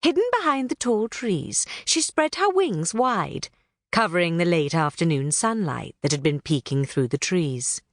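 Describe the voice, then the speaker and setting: A woman's voice: fairly low pitch, unhurried, dry recording, clean studio sound. A woman reading a children's book aloud in a storytelling manner. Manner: animated, storytelling. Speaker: audiobook narrator. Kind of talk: scripted narration of a children's book.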